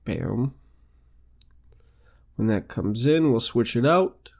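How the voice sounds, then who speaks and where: A man's voice: medium pitch, big pitch swings, slow, vocal fry, a little mellow. A young man hosting a let's play, chatting casually and narrating each move he makes in the game. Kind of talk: casual gameplay commentary.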